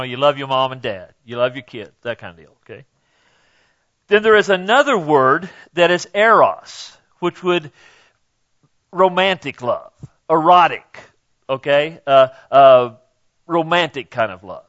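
A man's voice: fairly bright tone, muffled recording. Conversational man preaching, frequent "okay?". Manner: rises emphatically on key questions, drops low on asides. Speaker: pastor. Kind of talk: sermon.

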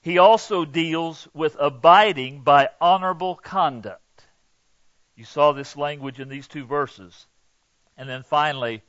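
A man's voice: on the high side, fairly bright tone, dry recording, highs cut off. A male pastor preaching a sermon in an earnest, emphatic way, acting out quoted lines.

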